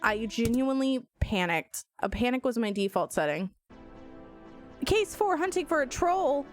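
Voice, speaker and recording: A young adult woman streamer telling a story in a casual, animated way while playing a game. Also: fairly high pitch, unhurried, faint music behind. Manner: animated, swearing, laughing storyteller.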